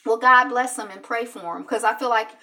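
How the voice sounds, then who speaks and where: Woman, talk show host, rambling casual opinion talk, high bright voice, a little off-mic. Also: a little fast, far from the mic. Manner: rambling, animated, with many restarts and acted-out quotes.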